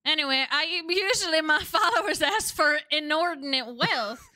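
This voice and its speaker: A woman's voice: high voice, animated, normal speed, bright, forceful tone. A woman streamer chatting casually about a game in a playful, giggly manner.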